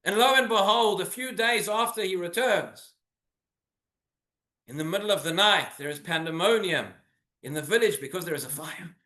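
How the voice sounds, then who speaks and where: Male rabbi, earnest sermon with rhetorical questions; high, bright voice; roomy synagogue echo. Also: animated, moderate pace.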